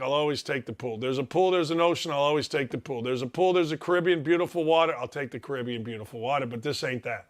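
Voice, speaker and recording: A middle-aged man hosting a sports show, telling stories in an animated, self-mocking way and repeating phrases for effect. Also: on the high side. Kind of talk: animated casual monologue.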